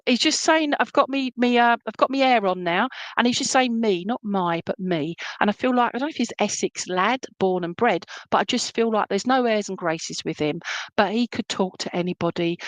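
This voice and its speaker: A woman's voice: medium pitch, no room sound. A woman working as a spiritualist medium, giving clairvoyant readings at an online church service in a chatty, affectionate way. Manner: chatty and affectionate, with frequent endearments. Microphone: online stream.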